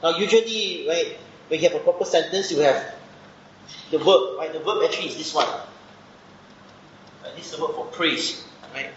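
A man's voice: on the high side, moderate pace, long pauses. A man preaching a Bible study sermon, explaining step by step and often checking in with a questioning "right?". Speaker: preacher teaching scripture. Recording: echoey room, dull muffled sound with faint background noise.

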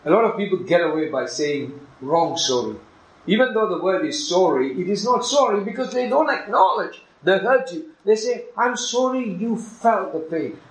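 A man preaching a sermon, emphatic, dropping to hushed asides and rising to loud exclamations. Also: high-pitched, expressive, normal speed. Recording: echoey room with faint ambient noise.

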